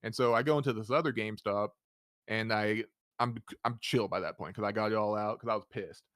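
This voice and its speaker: A man hosting a casual podcast chat, telling a story in a lively way. He acts out both sides of the conversation, laughs often and swears freely. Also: on the low side, fairly quick, no echo, studio quality. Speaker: podcast host.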